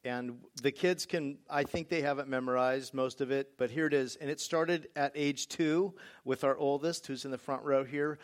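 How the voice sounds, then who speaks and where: A man's voice: mid-range voice, steady tone, moderate pace, few pauses. A middle-aged man and father, talking casually and wryly about his family's rules. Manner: casual, wry, with fillers. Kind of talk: personal talk on parenting.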